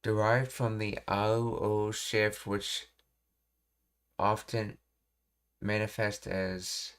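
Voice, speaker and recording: Guy streaming while studying, low-ish voice, super slow, stops and starts a lot, keys clacking. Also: level tone, a bit bright, clear, resonant tone. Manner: slow, halting, pausing to read and puzzle things out. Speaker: language learning streamer. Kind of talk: thinking aloud while studying Japanese grammar.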